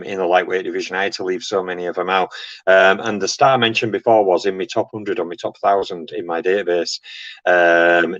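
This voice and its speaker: A man on an online stream giving a measured view on boxing greats, with frequent ums. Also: on the low side, no room sound. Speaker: boxing historian co-host. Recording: dry, dull lo-fi stream audio.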